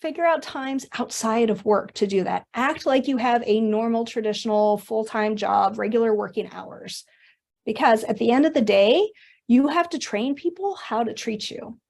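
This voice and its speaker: A middle-aged woman presenting a business webinar, telling stories in an animated, conversational way. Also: fairly high pitch, normal speed, vocal fry. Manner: animated storytelling with conversational asides. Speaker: workshop presenter.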